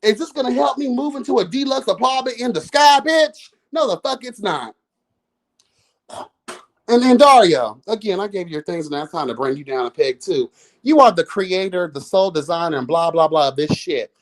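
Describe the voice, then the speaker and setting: Animated, sassy man ranting on a live review. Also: high voice, moderate pace. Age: 30s. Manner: profane, sassy, exasperated ranting; addresses listeners as girl and y'all. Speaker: reality show commentator. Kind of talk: live show review rant.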